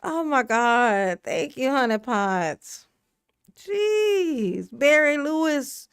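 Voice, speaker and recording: A woman hosts a casual live stream from home, thanking viewers and riffing in slangy, emotional talk. She laughs often and drawls her words out slowly. Her close microphone sounds dry, with no room echo. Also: high-pitched, very animated, smooth. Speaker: livestream commentary host.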